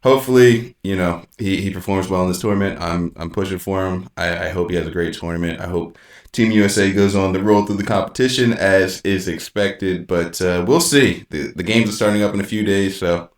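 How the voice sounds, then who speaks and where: A man co-hosting a casual sports podcast, talking with excited, rambling enthusiasm and frequent restarts. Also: sits low, brisk. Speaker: podcast co-host. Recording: roomy echo.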